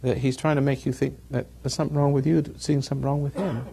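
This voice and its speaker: A man's voice: mid-range voice, level tone, fast talker, vocal fry, dark tone, a little hiss or hum. A man giving a rambling talk to a live audience, chuckling at his own jokes as he tells stories. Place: evening gathering with an audience.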